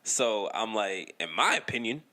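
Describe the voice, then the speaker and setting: Swearing freely and laughing a lot, a young podcast co-host tells a story in casual chat, ending sentences with "right?". His voice is on the low side, animated, bright and forceful, at a normal speed.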